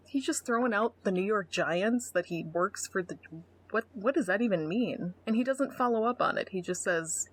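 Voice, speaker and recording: Co-hosting a podcast, a middle-aged woman with a husky, mid-range, animated voice reads a dating profile aloud at a moderate pace. Her comments are blunt and sarcastic, and she swears freely in the casual chat.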